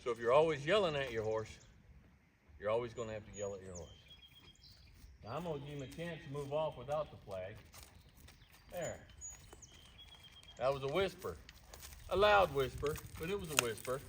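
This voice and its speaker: A man working as a horse trainer, calmly and patiently explaining while he works a horse outdoors. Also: medium pitch, moderate pace, long pauses. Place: outdoor round pen with horses. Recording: distant voice with outdoor noise.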